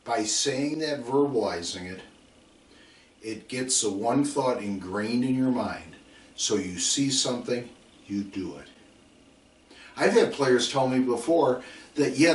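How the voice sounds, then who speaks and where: A middle-aged man giving a coaching lecture, emphatic and repetitive, telling stories and acting out his players. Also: mid-range voice. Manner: emphatic, repeats drill calls, acts out players. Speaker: football coach. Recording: roomy sound from a distant mic.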